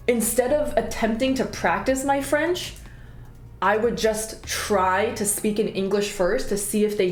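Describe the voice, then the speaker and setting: A young woman chats casually on a stream, her voice leaping up high whenever a story gets animated, with cheerful swearing. Her voice sits at a mid pitch and rings in a roomy space. Faint music plays under her. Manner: animated storytelling with big jumps in pitch, frequent swearing and laughter. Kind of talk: casual chat.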